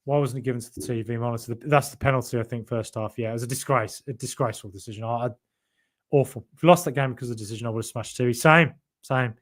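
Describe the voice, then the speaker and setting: A man's voice: medium pitch, fast talker. A middle-aged man hosting a casual podcast stream, reading viewer comments and chatting loosely with repeated words and jokey asides. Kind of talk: casual live-stream chat.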